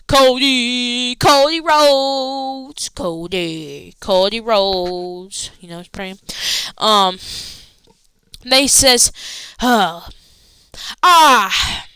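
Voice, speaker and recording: A woman casually recapping a wrestling show, rambling excitedly with slangy asides. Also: high voice, no echo, poor audio.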